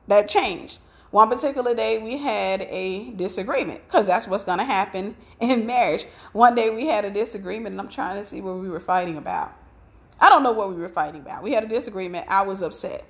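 A woman's voice: mid-range voice, fairly quick. A middle-aged woman preaching in a conversational, storytelling way, telling about her own marriage. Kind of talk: sermon with personal story.

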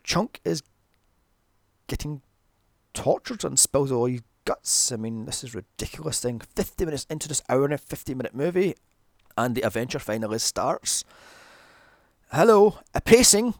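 A man's voice: mid-range voice, gravelly, dry recording, clean studio sound. A man giving a sarcastic, profane recap of a movie, mocking it with exasperation. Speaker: movie reviewer. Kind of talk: sarcastic comedic film recap.

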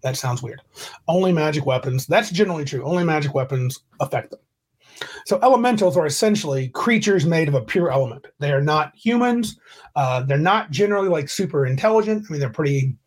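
A man's voice: on the high side, breathy edge. A man hosting a casual tabletop game podcast over a video call, rambling and correcting himself as he reads rules aloud. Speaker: podcast host.

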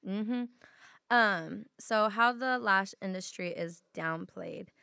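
A young woman co-hosting a podcast in casual chat, her voice a bit hoarse from a sore throat. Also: medium pitch, takes it slowly, dry recording, studio quality. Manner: relaxed, chatty, lots of fillers. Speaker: podcast co-host.

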